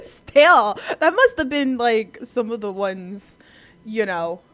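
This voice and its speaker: A woman's voice: on the high side, sing-song, slow, a bit bright, no echo. A woman co-hosting a podcast in casual chat, giggling often and filling her talk with "like". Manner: giggly, filler-heavy, chatty. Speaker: podcast co-host.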